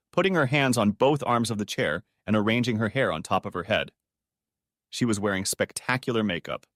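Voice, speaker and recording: A man narrating a story audiobook in a steady, even storytelling manner. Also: fairly low pitch, no echo, studio quality.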